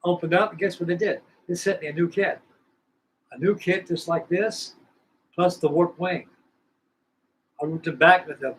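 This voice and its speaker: A man's voice: a little high, steady tone, moderate pace, long pauses, a bit bright, a little hiss or hum, poor audio. Rambling older man, folksy storyteller. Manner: rambling, folksy, repeats himself. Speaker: scale model builder hosting a live stream. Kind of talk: casual storytelling chat.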